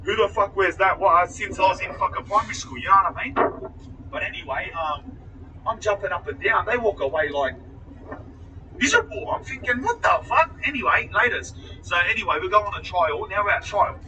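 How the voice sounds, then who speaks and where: A man's voice: high-pitched, a little fast, pushed and bright, far from the mic, a little hiss or hum, poor audio. A man telling a story in casual, profane talk, acting out other people's lines as he goes. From Australia.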